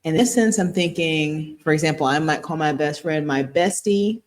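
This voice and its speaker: A woman's voice: sits low, moderate pace. Earnest, giggly woman therapist co-host. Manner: earnest and explanatory, breaks into giggles. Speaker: podcast co-host and relationship therapist. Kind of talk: casual podcast chat.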